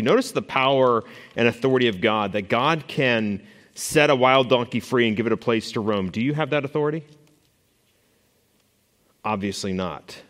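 A man's voice: mid-range voice, fairly bright tone. Man teaching Bible class in a reverberant hall. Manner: conversational, asks the class questions, many fillers and restarts. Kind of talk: Bible study lesson. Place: classroom or church hall with a board. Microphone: stationary mic he moves away from while walking.

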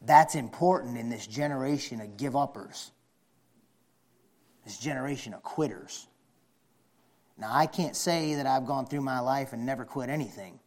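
A man delivers a folksy sermon, repeating phrases for emphasis. He starts out low and conversational and builds up to shouting fervor.

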